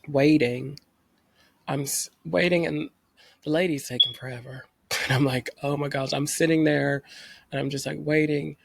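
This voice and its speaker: A young man telling a personal story in a rambling, emotional way, full of fillers, speaking in fast bursts. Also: on the high side, vocal fry, husky, no room sound. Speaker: vlogger.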